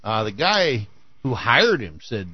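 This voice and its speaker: A man's voice: mid-range voice, sing-song, slow, lo-fi sound. A man co-hosting a radio talk show, retelling news stories casually with frequent fillers. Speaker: radio co-host.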